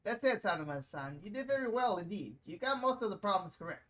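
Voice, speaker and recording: A woman's voice: medium pitch, expressive, fast talker, lightly acted. A woman voicing a prim, pushy announcer-school teacher in a video game, speaking in a formal, correcting, salesy way.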